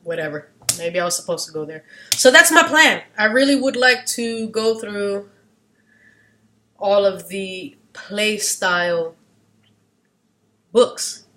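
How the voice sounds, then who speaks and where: A woman vlogger talking casually, wandering off into side rants, losing her train of thought, and getting loud at times. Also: medium pitch, takes it slowly, pauses often, a little hiss or hum. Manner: animated, gets loud at times. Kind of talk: casual rambling monologue.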